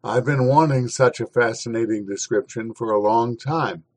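A man's voice: medium pitch, normal speed, darkish tone, rough recording. A man hosting a podcast, with dry, sardonic commentary before reading a historical essay aloud. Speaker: podcast host.

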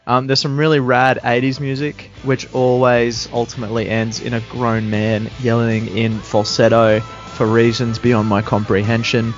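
A man's voice: medium pitch, level tone, normal speed, hardly any pauses, soft background music. Joking man ranting on a podcast. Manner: sarcastic, joking rants with laughter. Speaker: podcast co-host recapping a show. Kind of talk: casual chat. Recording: dull lo-fi sound.

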